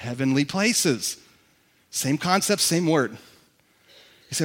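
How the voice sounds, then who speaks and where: A man preaching a sermon to a congregation, excitable and animated, who says he gets worked up and talks fast. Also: a little high. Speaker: pastor.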